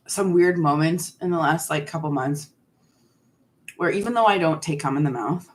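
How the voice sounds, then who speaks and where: Woman in her 40s with a low voice, chatty and candid on a live stream, munching candy while she talks. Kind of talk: casual live stream chat answering viewers.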